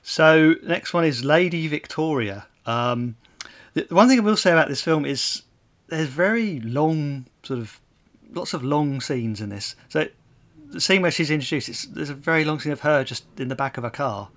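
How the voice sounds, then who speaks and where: A man's voice: fairly high pitch, expressive, normal speed, a bit bright. A man co-hosting a film podcast in casual chat, talking in loose, hedging phrases. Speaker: podcast co-host.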